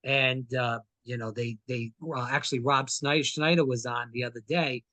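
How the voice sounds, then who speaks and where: A man talking as a podcast guest at a mid pitch. He is casual and halting, often stopping to restart. The close mic sounds dry. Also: fairly even intonation, pushed and bright, no echo. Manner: halting, many fillers and restarts. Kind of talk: casual interview talk.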